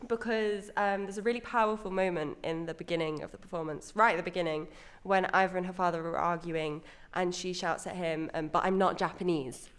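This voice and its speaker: A woman's voice: on the low side, steady tone, a little fast, hardly any pauses, clean tone. A woman co-hosting a podcast, chatting casually and enthusiastically about a theatre show she saw. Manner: chatty, enthusiastic, self-correcting. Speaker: podcast co-host reviewing a musical. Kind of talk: casual review chat.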